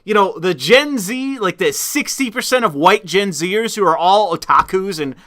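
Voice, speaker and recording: A man's voice: high voice, expressive, normal speed, pushed and bright. A man hosting a livestream, talking casually about politics in rambling rhetorical questions with frequent restarts. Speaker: stream host.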